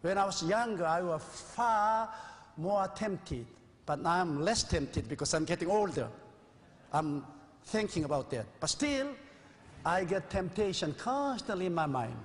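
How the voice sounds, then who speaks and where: Earnest high-voiced man in his sixties, preaching. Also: lively intonation, a little slow. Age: 60s. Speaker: pastor. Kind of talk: sermon. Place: church sanctuary. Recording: old VHS recording with long reverb.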